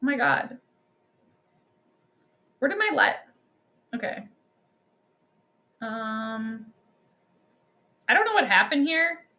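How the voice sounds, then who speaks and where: Young woman, casual live game commentary, high bright voice, chatty and excitable. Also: slow, pauses often. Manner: chatty, excitable, talks to viewers directly. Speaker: livestream host doing game commentary.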